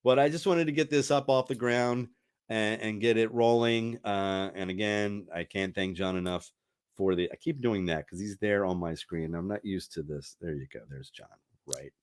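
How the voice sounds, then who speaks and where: A man's voice: fairly low pitch, moderate pace, clear, resonant tone. A middle-aged man hosting a casual podcast, chatty and rambling, laughing often and restarting his sentences. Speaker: radio host.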